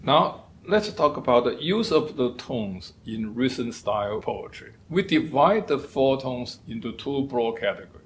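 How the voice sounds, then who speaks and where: A male professor giving a lecture, speaking deliberately and demonstrating sounds aloud. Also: medium pitch, lively intonation, slight background noise. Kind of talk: lecture on poetry and tones.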